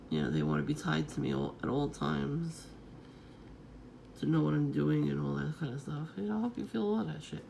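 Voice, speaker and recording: Very gravelly rambling vlogger. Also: medium pitch, expressive, moderate pace, pauses often, mellow, slight background noise. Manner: rambling, profane, chuckling often. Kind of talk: casual rambling monologue.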